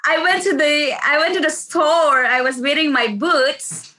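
Bright-voiced woman telling a story. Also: high voice, unhurried. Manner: animated storytelling with laughter. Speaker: nurse, guest. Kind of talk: casual anecdote.

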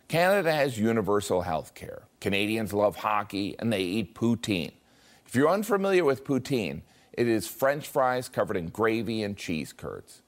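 A man's voice: on the low side, very animated, moderate pace. A man delivering a scripted comic commentary in a dry, self-mocking way. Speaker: comedy commentator.

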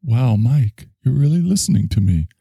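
A man voicing Ori, a blunt, grumbling scone-eating male character with a flat, accusing manner. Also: mid-range voice, normal speed, gravelly, husky, no room sound, studio quality, voice pushed up, exaggerated voice. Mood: smug.

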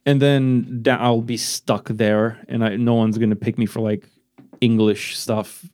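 A man's voice: mid-range voice, little pitch movement, a little slow, darkish tone. A man from Romania, a non-native English speaker, hosting a casual podcast chat, rambling and self-deprecating, swearing freely. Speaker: podcast host. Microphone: podcast microphone.

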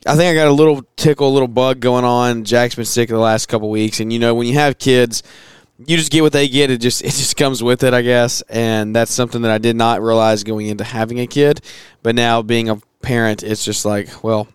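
Hoarse man hosting a podcast. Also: medium pitch, fairly even intonation, a little fast, no echo, clean studio sound. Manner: chatty, rambling with fillers and restarts. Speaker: podcast host. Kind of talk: casual podcast monologue.

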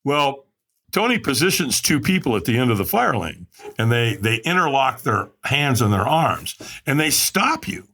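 A man's voice: medium pitch, moderate pace, slightly rough. A male podcast guest telling a personal story vividly, acting out the lines of the people in it. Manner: vivid, animated storyteller who acts out what others said.

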